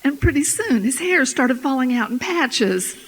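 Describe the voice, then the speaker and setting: A woman telling a folktale in tandem with a partner at a storytelling festival, in a measured, plain way. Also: high voice, lively intonation. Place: festival stage. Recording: echoey hall.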